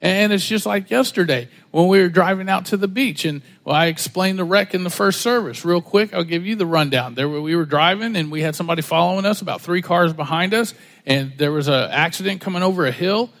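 A middle-aged male pastor preaching a sermon in a casual, conversational way with lively asides. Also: high-pitched, a little fast. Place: church sanctuary. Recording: long hall reverb.

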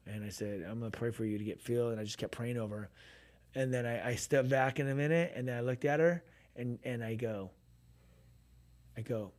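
Man, radio co-host, casual storytelling, animated, restarts, middle pitch. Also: brisk, long pauses. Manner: animated, acts out quoted voices, frequent restarts. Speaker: radio show co-host and minister.

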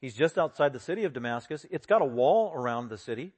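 A man preaching an expository sermon, lively and acting out the voices he quotes with sudden loud bursts. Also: mid-range voice, fast, husky. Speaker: pastor.

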